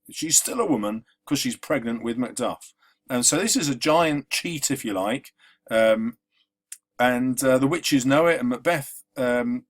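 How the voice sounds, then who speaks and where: A man teaching a literature lesson, conversational and explanatory, with frequent ums and uhs. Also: medium pitch. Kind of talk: exam-revision lesson.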